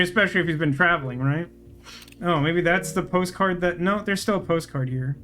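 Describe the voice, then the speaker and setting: Gamer host, male, raised pitch, thinks out loud, wry asides, light music underneath. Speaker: gaming channel host. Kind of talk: let's play commentary.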